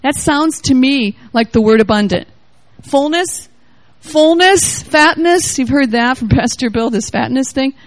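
A woman preaches a charismatic sermon in a high, bright-sounding voice. She reads scripture aloud and riffs on it with great exuberance, shouting praise one moment and murmuring the next. The sound is dry, with no room echo. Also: lively intonation, a little slow. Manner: exuberant, swings between loud exclamations and quiet asides.

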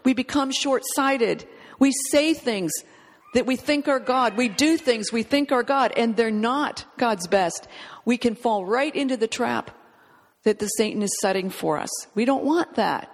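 Fervent female preacher, fairly high voice, emphatic delivery, long hall reverb. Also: unhurried. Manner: fervent, emphatic, reads scripture aloud. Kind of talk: sermon.

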